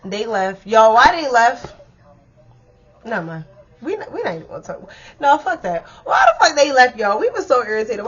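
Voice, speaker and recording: Lady ranting a storytime to her viewers, cussing a lot, mid pitch voice, kinda muffled audio. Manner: animated, profane, talks straight to viewers. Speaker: storytime vlogger. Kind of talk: casual storytime monologue. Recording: dull lo-fi sound.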